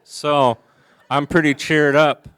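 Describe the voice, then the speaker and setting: A soft-spoken man from the American Midwest telling a wry personal story to a conference audience. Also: on the high side, little pitch movement, takes it slowly, clear, resonant tone, dry recording. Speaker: recovery meeting speaker. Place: conference hall before a live audience.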